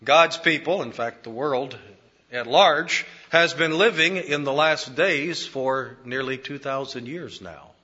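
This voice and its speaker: A man preaching a sermon in a measured, emphatic way, repeating key phrases for weight. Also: mid-range voice, bright, forceful tone, husky, muffled recording.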